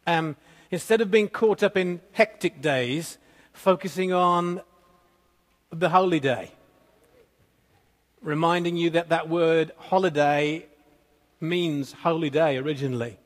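A man's voice: on the high side, a little slow, long pauses. Man preaching in a reverberant church. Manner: storytelling with gentle humor, conversational. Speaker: pastor. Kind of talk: sermon. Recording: long reverb of a church hall.

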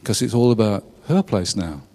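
A man's voice: lowish voice, expressive, normal speed, warm tone, long reverb tail. A middle-aged man preaching a conversational sermon, often turning questions to his listeners. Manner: chatty, asks the congregation questions, laughs at his own jokes. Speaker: pastor. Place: church.

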